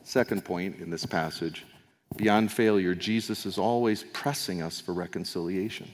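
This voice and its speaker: A man's voice: deep voice, normal speed. A male pastor preaching a sermon, telling the story in a conversational way with asides and acting out the quoted lines. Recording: long hall reverb.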